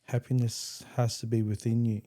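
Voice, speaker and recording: A man's voice: mid-range voice, level tone, moderate pace, dark tone. A man hosting a podcast interview, speaking in a reflective and affirming way. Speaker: podcast host. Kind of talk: interview conversation.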